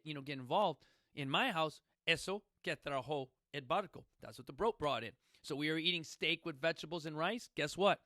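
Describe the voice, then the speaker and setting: A middle-aged podcast host tells stories in a casual, emphatic, folksy way, frequently asking listeners questions. His voice sits on the high side with a sharp tone, in a dry, clean studio recording.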